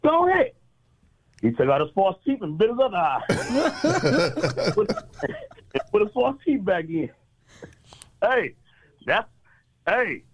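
A man's voice: slow, long pauses, breathy edge, rough recording. A man calling in to a radio show and telling a long joke, acting out each character in the story. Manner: animated, plays each character with pitch jumps.

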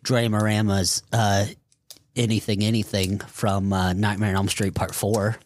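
A man co-hosting a podcast about songs, talking casually with halting pauses and fillers. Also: on the low side, flat delivery, dry recording, studio quality. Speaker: podcast co-host. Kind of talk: casual chat.

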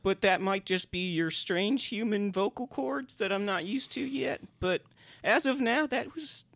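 A woman playing an eager, apologetic male demon producer who stammers and rambles excitedly in a comedy podcast. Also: mid-range voice, unhurried, gravelly, dry recording. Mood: earnest.

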